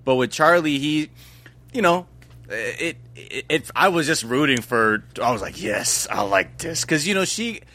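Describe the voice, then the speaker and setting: A man's voice: on the high side, lively intonation, normal speed, sharp tone. A man chatting casually as a podcast guest, loose and joking, with lots of fillers. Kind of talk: casual chat.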